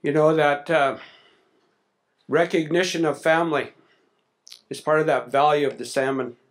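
A man's voice: fairly high pitch, fairly even intonation, normal speed. Man telling a story at a podium. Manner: conversational, anecdotal, with fillers. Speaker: speaker at a salmon summit. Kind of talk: storytelling in a public speech.

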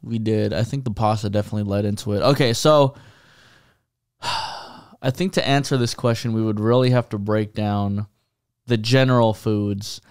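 Young man, podcast co-host, casual chat, laid-back, swears casually, smooth resonant voice. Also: fairly low pitch, steady tone, normal speed, pauses often.

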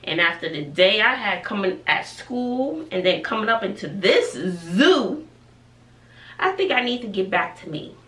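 A woman's voice: mid-range voice, very animated, unhurried, fairly bright tone, distant mic. A woman, a family vlogger chatting casually to camera and musing aloud to herself in her bedroom at home. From Texas. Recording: echoey room, voice off-mic, faint noise.

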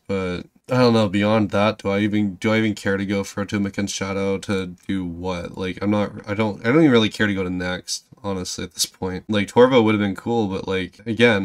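A man giving gameplay commentary, swearing constantly and swinging from low muttering to loud ranting, with sarcastic asides to himself. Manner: sarcastic self-talk. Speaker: gaming channel host.

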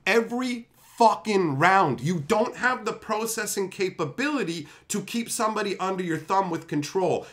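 Stream host, male, high bright voice, swearing, fiery storytelling rant. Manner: profane, blunt and fiery. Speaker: stream host and tournament organizer.

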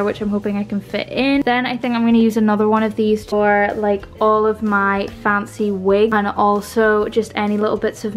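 A young British woman in casual, upbeat vlog chat, talking through her bedroom as she sorts it, filming on a phone held at arm's length. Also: medium pitch. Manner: chatty, upbeat, rambling. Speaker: vlogger.

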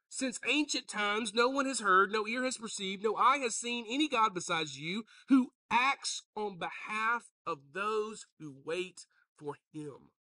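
A pastor preaching a sermon, joking with the congregation and calling out to them. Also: male voice, sits high, no room sound, distant mic. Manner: joking, animated, calls out to the congregation.

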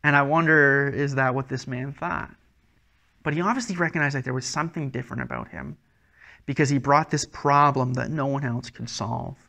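A man's voice: mid-range voice, steady tone, moderate pace, vocal fry, bright, forceful tone. A man preaching a sermon as a pastor, earnest and conversational, often restarting his words.

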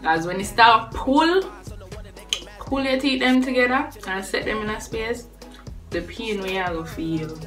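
A woman's voice: on the high side, lively intonation, unhurried, fairly bright tone, recorded from a distance. A young woman with a Jamaican accent talking casually to camera, chatty and laughing between points. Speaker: vlogger. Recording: voice a bit off-mic with faint music behind.

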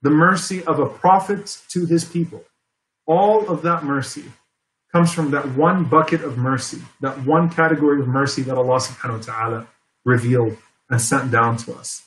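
A man's voice: mid-range voice, steady tone, normal speed, fairly bright tone. A man giving an earnest religious lecture as a preacher, repeating key phrases for emphasis. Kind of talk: Islamic lecture. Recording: echoey room.

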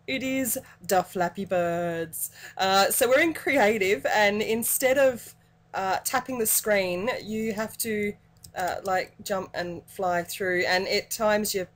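A woman giving excitable, giggly let's play commentary, cheerfully cursing at the game. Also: mid-range voice. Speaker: gaming channel host.

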